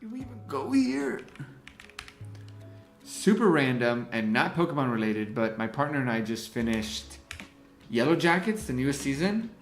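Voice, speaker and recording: A man's voice: mid-range voice, lively intonation, normal speed, reverberant, soft background music. A man hosting a casual design livestream, thinking aloud as he works and greeting the people in the chat. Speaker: livestream host and graphic designer.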